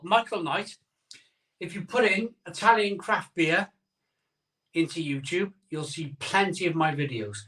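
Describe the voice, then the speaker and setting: A man's voice: fairly high pitch, pushed and bright, far from the mic. A man hosting a casual live stream from home, rambling and reading out viewer comments.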